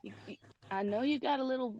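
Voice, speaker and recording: A woman voicing a caring, motherly adventurer in a tabletop role-play, talking softly and coaxingly. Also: on the high side, fast talker, natural voice. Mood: soothing. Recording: dull lo-fi sound.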